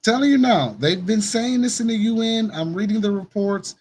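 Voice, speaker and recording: A man with a slightly raised pitch hosts a casual conspiracy news commentary. He speaks emphatically, pressing each point and repeating it for the listener. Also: lively intonation, moderate pace, a little mellow, slightly rough. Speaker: host of a news commentary show.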